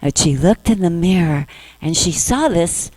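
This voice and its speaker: A woman minister giving a spiritual talk to her congregation, gentle, acting out inner voices in little quoted asides. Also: fairly low pitch, animated, measured pace, no room sound, rough recording.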